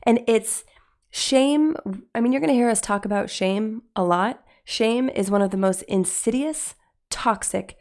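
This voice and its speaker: A woman's voice: fairly high pitch, a little slow, darkish tone. A woman co-hosting a podcast, speaking earnestly and emphatically in long flowing points. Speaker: podcast co-host. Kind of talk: casual podcast discussion.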